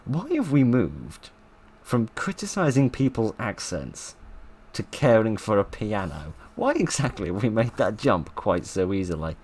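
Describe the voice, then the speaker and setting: A man's voice: lowish voice, very animated, a little slow, a little mellow, breathy edge. A man reading an old book aloud and breaking off for wry, sarcastic asides, often laughing. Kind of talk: comic read-aloud with commentary.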